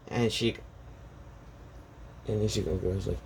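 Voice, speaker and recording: A man's voice: lowish voice, steady tone, normal speed, gravelly, slight background noise. A young man casually retelling a fan story, rambling with restarts and "she goes like".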